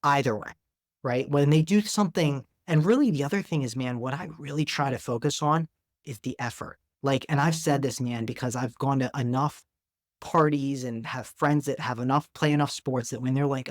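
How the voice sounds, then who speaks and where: A man's voice: medium pitch, normal speed, no room sound, clean studio sound. A man in his thirties, a psychiatrist talking as a guest in an interview, earnest and conversational, tagging "man" and "right?" onto his points. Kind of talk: casual interview talk.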